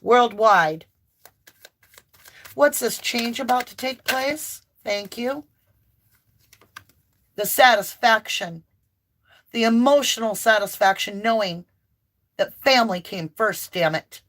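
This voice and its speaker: A woman doing an impassioned tarot reading to camera, emphatic and near yelling at times, with chatty asides to her viewers. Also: fairly high pitch, takes it slowly, long pauses. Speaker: tarot reader and channel host.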